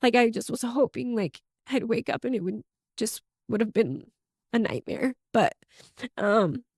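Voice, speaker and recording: A woman's voice: a little high, expressive, unhurried, a little mellow, slightly rough, dry recording, clean studio sound. A young adult woman and podcast host, telling her own story in a candid, emotional way with many "like" fillers. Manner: emotional, open, frequent "like" fillers.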